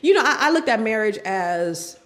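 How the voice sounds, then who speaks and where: A woman's voice: on the high side, moderate pace. A middle-aged woman telling her own story as a guest, acting out what her family members said. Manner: animated, acts out family members' lines in voices. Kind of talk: candid personal storytelling.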